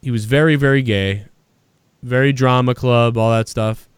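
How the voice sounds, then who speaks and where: A man's voice: mid-range voice, fairly even intonation, moderate pace, smooth, dry recording, clean studio sound. A man hosting a podcast, telling a long story in casual, profane, rambling talk. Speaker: podcast host. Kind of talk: casual chat.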